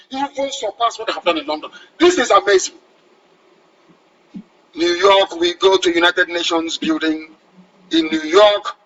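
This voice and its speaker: A man's voice: high-pitched, pushed and bright, lo-fi sound. A man with a Nigerian accent giving an impassioned radio address, commanding and fervent, repeating phrases for emphasis. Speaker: radio broadcaster.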